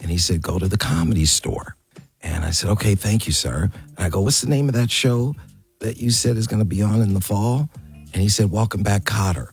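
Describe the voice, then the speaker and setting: Older guy in his 60s, low gravelly husky voice, spinning a long story on a talk show, faint music under it. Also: brisk, no room sound. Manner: animated storyteller, acts out quotes. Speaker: guest. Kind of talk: storytelling interview.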